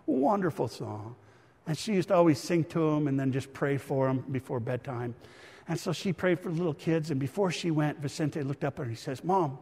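A man's voice: a little high, expressive, normal speed, darkish tone, slightly rough. A middle-aged man preaching a sermon, telling a family story and calling the listeners friends. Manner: storytelling, acts out a child's voice in quotes, addresses listeners as friends. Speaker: pastor. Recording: reverberant church hall.

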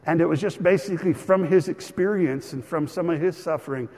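A man's voice: fairly high pitch, brisk, darkish tone. A middle-aged man pastor preaching a sermon, telling stories with chuckles and fillers. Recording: long hall reverb.

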